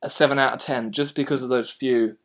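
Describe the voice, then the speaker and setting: Speaking briskly at a mid pitch, a man rambles through a casual film review, animated and prone to restarting sentences as he gives his opinions.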